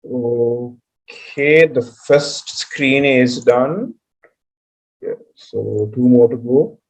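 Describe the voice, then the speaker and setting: A young man, organizing an online session and talking in a relaxed, unhurried, reassuring way. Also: medium pitch, faint music behind. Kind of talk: casual meeting talk. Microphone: video call. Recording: dull lo-fi video call audio.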